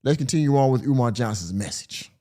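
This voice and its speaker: A male podcast host chats casually in a mellow, mid-pitched voice. He rambles and fills his talk with "you know" and "uh". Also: animated, fairly quick. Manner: rambling, heavy on fillers. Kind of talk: casual reaction commentary.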